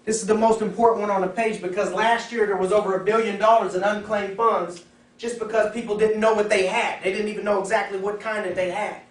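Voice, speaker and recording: A man's voice: high-pitched, quick pace. A man leading a sales training session for insurance agents, talking casually and acting out customer conversations. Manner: animated, acts out customer dialogues. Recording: echoey room from far off.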